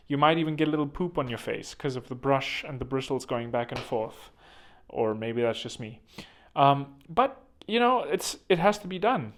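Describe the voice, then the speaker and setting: Man, show host, comedic self-help monologue, rambling crude jokes, self-mocking. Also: on the high side.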